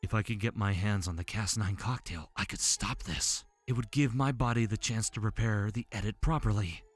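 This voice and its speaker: A man's voice: on the low side, normal speed, soft background music. A man narrating a horror story in a tense, dramatic way.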